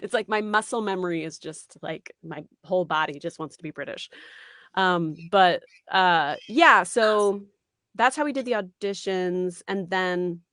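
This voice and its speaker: A woman in her thirties, a voice actress giving an interview, talking in an animated, chatty way with many fillers. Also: on the low side, measured pace, dry recording, studio quality. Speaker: voice actress guest. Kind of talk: casual interview chat.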